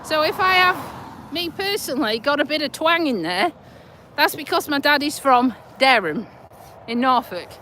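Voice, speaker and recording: A woman's voice: high voice, animated, moderate pace, bright, forceful tone, slight background noise. A woman with a Yorkshire accent, from Lincolnshire, chatting bluntly while walking her dog outdoors, recorded on a handheld phone. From Lincolnshire, England. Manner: blunt, chatty, mild swearing. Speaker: vlogger. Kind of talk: casual walking vlog.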